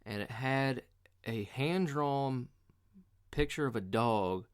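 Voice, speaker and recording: A man's voice: mid-range voice, takes it slowly, smooth. A man hosting a podcast, telling casual comic stories in a profane, rambling, mocking way. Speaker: podcast host. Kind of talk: casual comedic storytelling.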